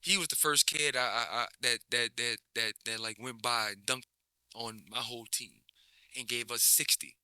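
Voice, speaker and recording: New coach guy just chatting, bright edgy tone, keeps restarting, dry mic. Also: medium pitch, normal speed, clean tone, no echo. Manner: relaxed, rambling, many restarts and slang. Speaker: basketball coach, guest. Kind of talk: casual interview chat.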